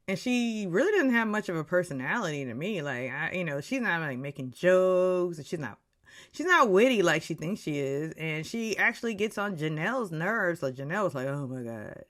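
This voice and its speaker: A woman's voice: on the low side, sing-song, normal speed, fairly bright tone. A woman giving a casual, gossipy recap rant about a reality show, full of blunt opinions. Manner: opinionated and gossipy, slips into voices for the people she talks about.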